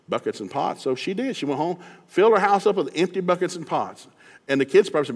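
A man from East Tennessee with a Southern accent, preaching a sermon in a folksy, animated storytelling way, acting out Bible characters with shouted lines. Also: fairly high pitch, fast. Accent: Southern American. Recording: long hall reverb.

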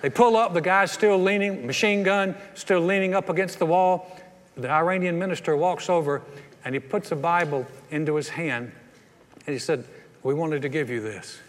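A man preaching a sermon as pastor, telling a story in an animated way and acting out the voices, then leading a quiet altar call. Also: high-pitched, normal speed. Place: church sanctuary. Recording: hall reverb.

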